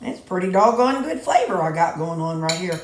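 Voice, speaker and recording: This Missouri vlogger, a middle-aged woman, has a fairly low, expressive voice and talks at a normal speed. Chatty and teasing in a folksy way, she speaks casually to camera in her echoey home kitchen, occasionally singing bits to herself.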